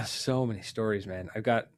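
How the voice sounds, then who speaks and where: This podcast host has a gravelly, fairly low voice and a moderate pace, with slight background noise. He tells stories casually and animatedly, laughing often and acting out the people in them.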